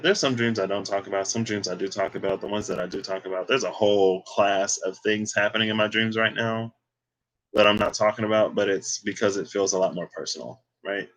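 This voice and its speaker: A man's voice: lowish voice, bright, forceful tone, poor audio. A man doing a casual livestreamed tarot card reading, talking in a loose, chatty way with sassy asides.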